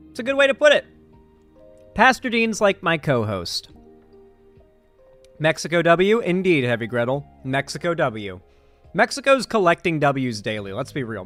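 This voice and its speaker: Young man, political streamer, rambling chat-reading talk, fairly high voice, soft music underneath. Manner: casual, rambling, reacts to chat.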